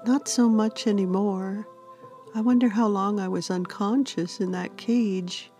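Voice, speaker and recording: A woman's voice: medium pitch, fairly even intonation, measured pace, warm tone, faint music behind, voice pushed up, lightly acted. A woman narrator voicing a distressed young heroine in a fantasy storybook, speaking in a plaintive, keening way. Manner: plaintive, whining.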